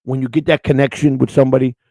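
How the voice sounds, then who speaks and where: A man's voice: medium pitch, level tone, quick pace, dark tone, breathy edge, dry recording, low-quality recording. A man hosting a live-stream morning show, rambling in unscripted chat, blunt and crude, restarting his words again and again.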